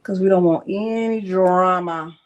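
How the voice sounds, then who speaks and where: A woman's voice: fairly low pitch, fairly even intonation, a little slow, a little mellow, lo-fi sound. Woman host of a live craft stream: casual, chatty, talks through each step, answers chat. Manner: chatty, narrates her clicks aloud and answers live chat; talks to herself under her breath at times.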